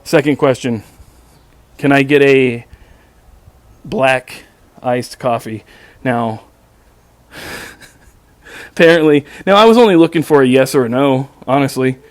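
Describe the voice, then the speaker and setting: A medium-pitched man speaks slowly with long pauses, no room sound around him. Hosting his own show, he delivers a casual storytelling monologue that's profane, sarcastic and exasperated, full of stammering sentence restarts.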